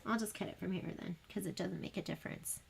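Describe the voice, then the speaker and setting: A woman's voice: on the low side, fast, creaky, slightly rough. A woman hosting a sewing livestream, chatting casually and rambling while she demonstrates. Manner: chatty, rambling, self-deprecating. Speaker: sewing shop livestream host.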